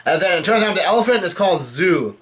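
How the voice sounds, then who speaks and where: Reading a comic chapter aloud in a relaxed way, a man speaks fast in a high, a bit bright voice with big pitch swings. He delivers the dialogue in his ordinary voice and frequently fixes his wording partway through sentences.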